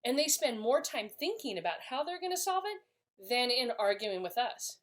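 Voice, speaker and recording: Woman, middle-aged, parenting lesson, empathetic, acts out example lines, expressive pitch. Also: moderate pace. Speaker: parenting educator. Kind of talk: instructional talk to parents.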